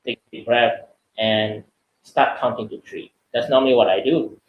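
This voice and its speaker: A man talks through a webinar in a loose, chatty way, tossing in "right?" and "you know" as he goes. His voice sits at an ordinary middle pitch. The room around him rings with a noticeable echo. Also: steady tone, moderate pace, phone-quality sound, slight background noise. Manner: chatty, many fillers and "right?" tags. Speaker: webinar speaker. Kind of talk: casual lecture answering questions.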